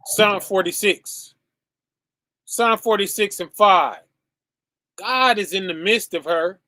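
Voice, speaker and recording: A man with a high, bright voice gives a casual streamed sermon at an unhurried pace, talking straight to his listeners as "y'all". The sound is dry and close, with no room around it. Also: dry recording. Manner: conversational, often ending with "right?" and "okay?"; addresses listeners as "y'all" and "fam". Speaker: streaming preacher.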